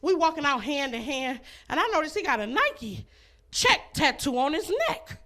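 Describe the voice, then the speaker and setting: A brash woman doing stand-up into a handheld mic on a club stage. Her voice sits high and bright, swinging widely up and down as she works the crowd, breaking into laughs at her own lines. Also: very animated, normal speed. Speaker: stand-up comedian. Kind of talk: stand-up comedy set.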